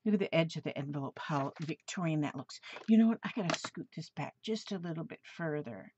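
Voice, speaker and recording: A woman's voice: low voice, a little fast, background noise. An older woman opening mail on her crafting vlog, gushing and gasping with delight over each item in a casual chat. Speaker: crafting vlogger. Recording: dull lo-fi home recording.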